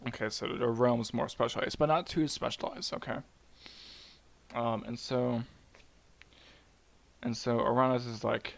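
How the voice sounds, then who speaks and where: A young man retelling a myth casually at home, muttering quietly and rambling with jokes. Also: medium pitch, steady tone, unhurried, gravelly, long pauses. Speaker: storyteller. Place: home at night.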